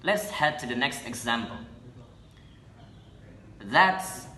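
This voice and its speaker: A young man, a student presenting an English lesson in a halting way, correcting himself as he goes. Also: mid-range voice, pushed and bright, slight background noise. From Indonesia. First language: Indonesian. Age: young adult. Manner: halting, with restarts and self-corrections. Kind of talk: classroom explanation. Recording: echoey room.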